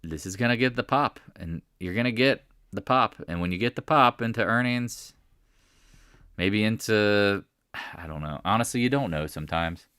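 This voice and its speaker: A man's voice: fairly low pitch, animated, moderate pace, a bit bright, clean tone, no room sound, clean studio sound. A man hosting a live market chat, talking casually and emphatically, repeating his points and rambling between thoughts. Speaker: stock market livestream host.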